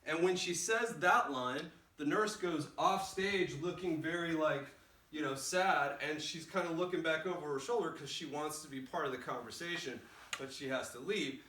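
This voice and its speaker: A man teaching a play in a casual, animated way, recorded in a roomy space with the mic far off. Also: on the high side, normal speed, a little hiss or hum. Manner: casual and animated, acts out lines. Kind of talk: explaining a play scene.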